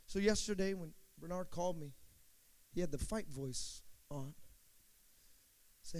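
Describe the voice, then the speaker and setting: High-voiced preaching man. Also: takes it slowly, pauses often. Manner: preaching with call-and-response, swinging from shouted emphasis to hushed storytelling. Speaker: pastor. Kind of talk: sermon.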